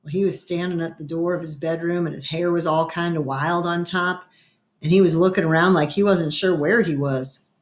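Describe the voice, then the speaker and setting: Storyteller: woman reading a children's chapter book aloud, expressive, clears her throat now and then. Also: lowish voice, normal speed. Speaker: reader.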